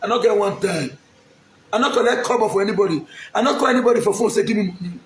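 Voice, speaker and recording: Pleading high-voiced Nigerian man. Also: quick pace, roomy sound. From Edo State, Nigeria. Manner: pleading and emphatic, repeats lines. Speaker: aspiring local politician. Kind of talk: direct-to-camera public appeal.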